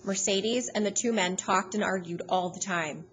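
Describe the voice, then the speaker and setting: A woman narrates an audiobook with a steady, even storytelling manner. Her pitch sits in an ordinary middle range. A faint noise lies underneath. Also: normal speed, poor audio.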